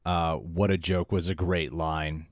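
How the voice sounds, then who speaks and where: A man co-hosting a casual spoiler review, talking in an animated, chatty way and often restarting mid-thought. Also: sits low, a little slow, no echo, studio quality. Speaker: film review show co-host.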